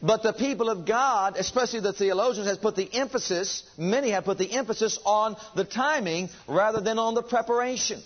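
High-voiced preacher asking rhetorical questions. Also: male voice, brisk, hardly any pauses, dull audio. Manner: rhetorical questions, emphatic repetition. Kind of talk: sermon.

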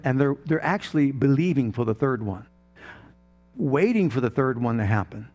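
A man's voice: medium pitch, expressive, moderate pace, darkish tone. A middle-aged male pastor preaching a sermon emphatically, firing off rhetorical questions to the congregation.

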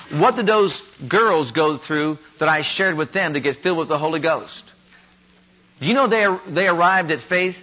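A man preaching a sermon, pressing his congregation with emphatic, repeated rhetorical questions. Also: on the high side. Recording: dull lo-fi sermon recording.

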